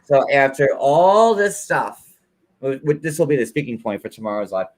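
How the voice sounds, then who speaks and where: A man hosting a casual gossip chat, telling stories in an animated, theatrical, campy way. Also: medium pitch, normal speed. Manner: animated, camp, theatrical storytelling. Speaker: show host.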